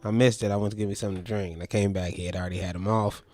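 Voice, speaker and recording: A laid-back male podcast co-host with a fairly low voice. He chats casually and chimes in with short agreements. Faint music sits behind him. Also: fairly even intonation, racing, darkish tone, dry recording. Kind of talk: casual chat.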